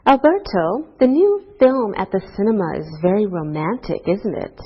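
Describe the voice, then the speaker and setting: A woman teaching an English grammar lesson to a class, speaking slowly and deliberately through example sentences. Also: mid-range voice, very animated, breathy edge. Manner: slow, deliberate teacher talk with rising and falling example tags. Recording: dull lo-fi course recording.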